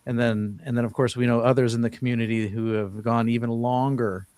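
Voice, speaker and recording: A man hosts a casual live-stream chat with middle-pitched speech. He rambles loosely and often restarts his sentences. The sound is dry, with no room echo. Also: little pitch movement, brisk, a little mellow. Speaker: host of a diet livestream panel.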